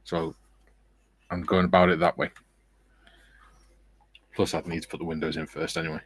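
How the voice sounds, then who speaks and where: A man co-hosting a relaxed livestream, chatting and joking as he builds a scale model. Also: deep voice, normal speed, dry recording. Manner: chatty, joking, reads viewer comments aloud. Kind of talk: relaxed casual chat.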